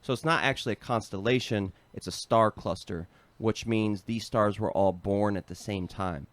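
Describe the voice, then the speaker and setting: A man with an American accent co-hosting a casual podcast, a relaxed storyteller who reads passages aloud. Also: lowish voice, normal speed, no room sound. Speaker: podcast co-host.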